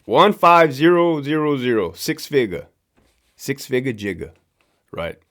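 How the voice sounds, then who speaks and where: Animated, profane man ranting. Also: medium pitch, measured pace. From Southern California. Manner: profane, animated, sarcastic, repeats for emphasis. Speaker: podcast host, former prison guard. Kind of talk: casual ranting monologue to camera.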